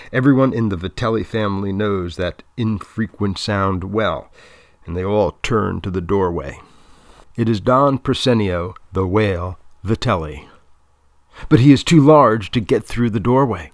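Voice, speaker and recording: A male storyteller with a low, gravelly voice, reading in a measured, deadpan way. The sound is close and dry, with no room echo at all. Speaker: narrator. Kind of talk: storybook narration.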